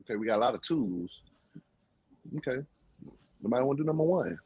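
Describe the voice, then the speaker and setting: A man hosting a live-stream talk show, chatting casually and joking with his co-host and the chat in a husky, laid-back voice. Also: mid-range voice, animated, brisk, dark tone, dull audio.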